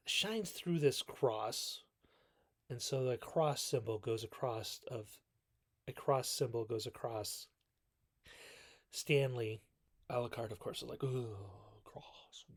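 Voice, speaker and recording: A man hosts a casual recap video of classic films, rambling, correcting himself, and quoting characters in mock voices. He speaks at medium pitch, slowly, with long pauses.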